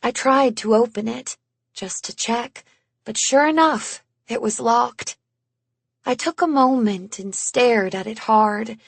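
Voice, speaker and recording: A woman narrating an audiobook in the first person, measured and hushed in tense moments. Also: a little high, vocal fry, slightly rough, no room sound.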